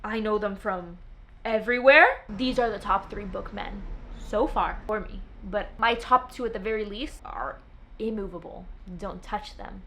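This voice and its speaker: A woman's voice: medium pitch, a little slow, a bit bright. A young woman chatting to camera as a book vlogger, gushing and dramatic as she swoons over favourites. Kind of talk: casual chat to camera.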